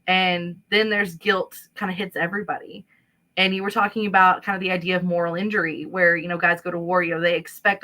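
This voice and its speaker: A woman speaking as a panel guest in a casual discussion, explaining in a quick, animated way. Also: fairly low pitch, poor audio.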